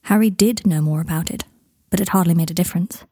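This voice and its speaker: A woman narrating fan fiction in an even, steady storytelling manner. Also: lowish voice, quick pace, breathy edge, no echo, clean studio sound. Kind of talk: reading fan fiction aloud.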